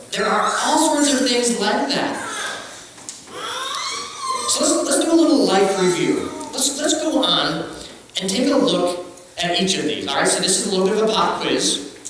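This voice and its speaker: A pastor talks through his sermon like a chat, cracking jokes and acting out little quotes, with a pitch that swings up and down. His voice rings around a large echoey church, taken from a distant mic with faint hiss underneath. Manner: conversational, joking, acts out quotes.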